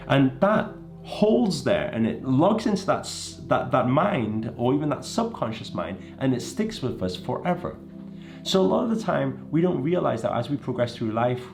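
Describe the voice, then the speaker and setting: A man from England delivering a motivational talk, his pitch swinging widely as he presses each point. He talks emphatically and keeps checking in with his listeners. Faint music plays underneath. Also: gravelly. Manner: lively, emphatic, frequent "right?" and "you know". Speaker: motivational speaker.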